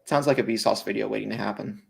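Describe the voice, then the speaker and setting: A man's voice: lowish voice, fast talker, vocal fry. A man co-hosting a casual podcast, teasing and joking with his co-hosts. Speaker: podcast co-host.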